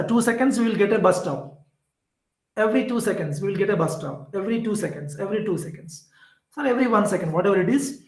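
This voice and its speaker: A man with an Indian English accent teaching a poetry lesson, explaining slowly and repeating points with many fillers. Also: high-pitched, echoey room, rough recording. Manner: slow, repetitive explaining with fillers. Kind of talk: classroom lecture on poetry.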